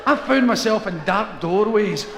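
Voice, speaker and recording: A Scottish man tells stand-up stories in a high, lively voice that leaps up and down. He talks with bursts of laughter. The sound carries the long echo of a large hall, with noise behind it. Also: unhurried. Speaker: stand-up comedian. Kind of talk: live stand-up storytelling. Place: live concert hall. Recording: echoey hall with background noise.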